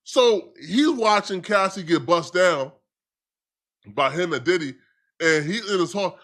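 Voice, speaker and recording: A man hosting casual reaction commentary, slangy and animated, addressing viewers directly. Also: high-pitched, a little slow. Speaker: commentary host.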